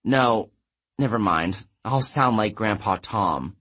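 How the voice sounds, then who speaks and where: Earnest teenage girl, voiced by a male narrator, soft and raised, a touch husky, audiobook read. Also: fairly low pitch, expressive, slow pace, exaggerated voice. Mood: storytelling.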